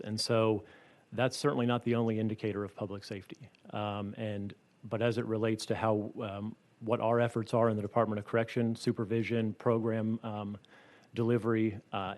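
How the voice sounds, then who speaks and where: A man testifies to a legislative committee as a corrections official. His voice sits low and barely moves in pitch. He works through figures in a measured, careful way. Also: a little mellow. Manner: measured, statistical, with frequent um fillers.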